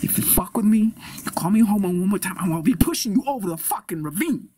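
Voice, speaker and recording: A man's voice: mid-range voice, quick pace, a bit bright, husky. A man improvising a crude, touchy macho man who swears and makes threats. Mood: threatening. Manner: profane, aggressive, defensive. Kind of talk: improvised comedy.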